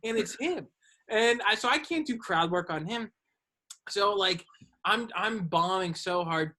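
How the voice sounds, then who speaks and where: A male comedian and host spins a story in relaxed podcast chat. His bright voice lifts with excitement as he goes, broken by the odd throat-clear. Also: sits high, a little slow. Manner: animated, clears throat often, voice rising as the story builds.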